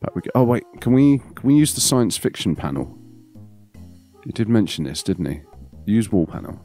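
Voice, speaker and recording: A man's voice: fairly low pitch, very animated, moderate pace, mellow, soft background music. A man hosting a let's play, chatting playfully and thinking aloud as he goes. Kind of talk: casual gameplay commentary.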